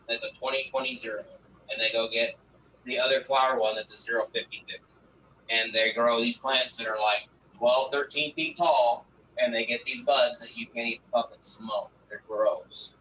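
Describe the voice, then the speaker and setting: A man's voice: medium pitch, bright, forceful tone. Profane, rambling male grower, distant tinny mic. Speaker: guest grower. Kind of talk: casual livestream chat. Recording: distant lo-fi mic with faint noise.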